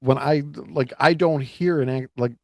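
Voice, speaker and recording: A man co-hosting a casual chat, rambling and halting with many restarts. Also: mid-range voice, creaky, darkish tone, no echo. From United States. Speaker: podcast co-host. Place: Florida.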